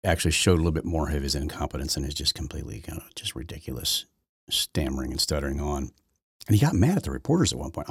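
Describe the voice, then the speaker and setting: Male host, very low husky voice that swings up and down a lot, sarcastic and rambling. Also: expressive, fast, no room sound, clean studio sound. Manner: sarcastic, rambling, repeats words often. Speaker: podcast host. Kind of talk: opinionated political commentary.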